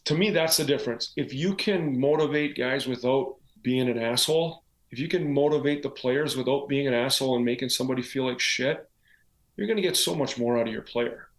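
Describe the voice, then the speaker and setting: A former pro hockey player turned coach, speaking at a medium pitch in an echoey room, tells stories in a casual podcast conversation. He's an animated storyteller who constantly adds "like" and "right?".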